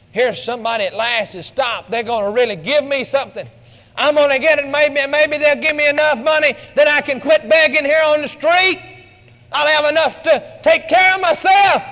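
A man preaching a sermon, telling the story dramatically and building to shouted lines. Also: extremely high pitch, in a large hall.

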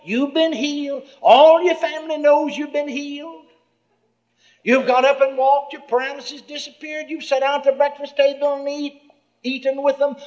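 Sly coaxing devil voiced by a preacher, pitched up high, muffled old tape. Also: male voice, steady tone, moderate pace, darkish tone. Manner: coaxing, misquoting scripture. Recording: muffled lo-fi recording.

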